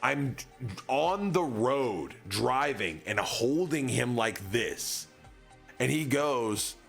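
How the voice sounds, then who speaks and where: A man's voice: mid-range voice, big pitch swings, extremely slow, gravelly, a bit bright, soft background music. A young man streaming, telling a long casual story in a rambling way, full of filler words.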